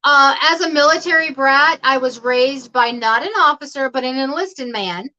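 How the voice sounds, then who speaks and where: Chatty woman guest, high bright voice, laughs a lot; dull lo-fi call audio. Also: normal speed. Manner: chatty, rambling, laughs often. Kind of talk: casual livestream chat. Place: home.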